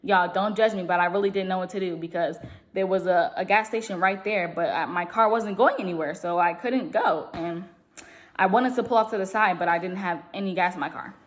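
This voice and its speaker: A young woman vlogger telling a long story in a casual, rambling way, talking fast and full of fillers. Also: fairly low pitch. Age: young adult. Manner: speaks fast.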